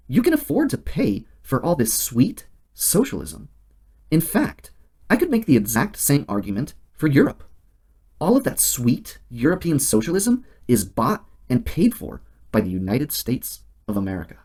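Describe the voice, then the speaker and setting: A man hosting a scripted satirical monologue and delivering it in a deadpan, mock-serious way. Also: mid-range voice, slightly rough. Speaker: host.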